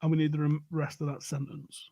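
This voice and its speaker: A man's voice: fairly high pitch, monotone, brisk, warm tone. A man hosting a live-stream pub quiz, joking around and swearing freely in casual banter. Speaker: quiz host.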